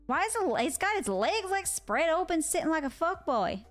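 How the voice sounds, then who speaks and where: A young woman streaming live and chatting casually, excitable and quick to swear. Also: very high voice. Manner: excitable, swears freely, loud outbursts. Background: faint music.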